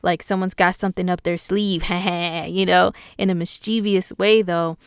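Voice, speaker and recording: A woman's voice: on the low side, fairly even intonation, moderate pace, smooth, no echo, studio quality. A woman astrologer giving a casual weekly horoscope forecast, chatty and slangy, with lots of fillers, talking straight to her viewers. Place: home in the US Pacific time zone.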